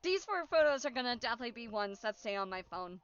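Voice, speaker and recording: Brief: young woman streamer, high and sharp voice, giggly and rambling, dull lo-fi audio. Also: fast talker, clear, resonant tone, faint music behind. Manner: excitable, giggly, rambling, swears a lot. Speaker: VTuber streamer. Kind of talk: casual stream chat.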